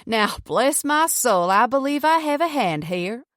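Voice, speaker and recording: A woman voicing a cocky young ginger man with a Southern US accent, a brash gambler with a loud, showy drawl. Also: very high voice, big pitch swings, a little slow, no room sound, studio quality, pitched above the performer's own voice, heavily acted. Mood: gloating. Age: young adult. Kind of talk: audiobook character voice.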